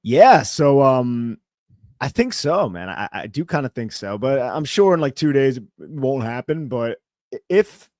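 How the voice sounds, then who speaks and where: A man's voice: medium pitch, sing-song, unhurried, darkish tone, dry recording, studio quality. A man co-hosting a sports podcast, ranting in a frustrated, emphatic way. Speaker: podcast co-host.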